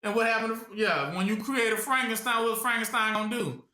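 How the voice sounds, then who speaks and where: A man's voice: high-pitched, fairly even intonation, a little fast, sharp tone. A man giving call-and-response Bible teaching, talking conversationally and asking rhetorical questions for his listeners to finish. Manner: conversational, repetitive preaching. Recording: roomy echo.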